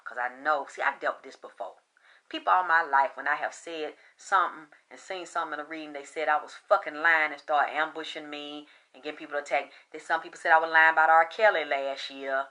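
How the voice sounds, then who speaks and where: A woman's voice: low voice, sharp tone. A woman who works as a psychic reader, delivering a blunt, profane, emphatic unscripted rant. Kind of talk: unscripted ranting monologue.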